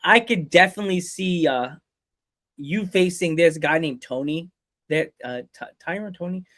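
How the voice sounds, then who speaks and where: A high-voiced man hosts a podcast in loose, casual chat. He rambles through half-started phrases and keeps cracking jokes. He laughs often and drops into playful quoted voices. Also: a bit bright. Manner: rambling, fast restarts. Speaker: podcast host.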